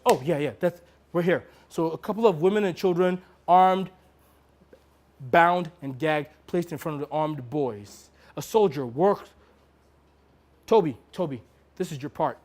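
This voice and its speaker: A man from Nigeria performing a theatrical solo story, moving between quick asides and slow dramatic reading. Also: a little high, darkish tone.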